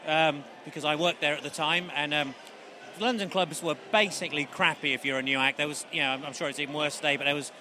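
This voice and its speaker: Quick, bright-voiced male comedian. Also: a little high, a little hiss or hum. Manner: quick, wry, stumbling restarts. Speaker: comedian interviewee. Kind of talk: casual interview.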